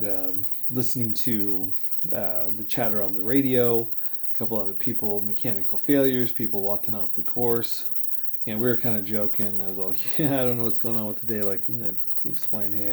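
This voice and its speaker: A triathlete vlogger in his thirties, speaking in a lowish, mellow voice, tells a race story in a casual vlog. He's rambling and reflective, filling the tale with fillers and quoted dialogue.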